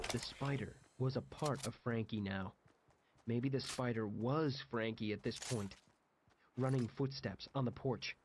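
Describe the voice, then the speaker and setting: A man reads a first-person horror story in a mid-pitched voice with dramatic flair. Loud gunfire and clicks crackle behind his narration. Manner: dramatic, shouts out quoted lines.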